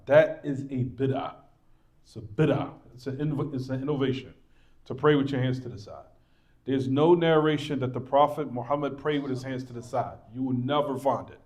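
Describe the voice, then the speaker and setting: A man's voice: medium pitch, brisk, a little mellow. A man teaching a religious class in a mosque, repeating points, reassuring his students and asking them rhetorical questions. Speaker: Islamic teacher.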